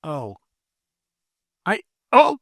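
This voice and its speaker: A podcast host in casual comedic chat, reading out supporter names with playful deadpan jokes. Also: mid-range voice, extremely slow, gravelly, no room sound, studio quality.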